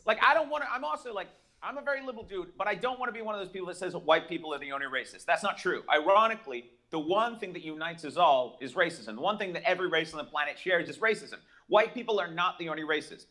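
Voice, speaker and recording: Male stand-up comic, young adult, high bright voice, fast brash profane delivery. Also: lively intonation. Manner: brash, profane, rapid-fire joking. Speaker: stand-up comedian. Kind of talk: stand-up comedy set.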